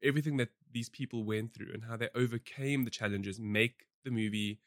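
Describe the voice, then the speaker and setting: A talkative man co-hosting a podcast, giving his take on films and shows in loose, animated chat. His pitch sits mid-range for a man, and the recording is close and dry with no room sound around him. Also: brisk, no echo. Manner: animated and talkative, with many fillers and restarts. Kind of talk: casual review chat.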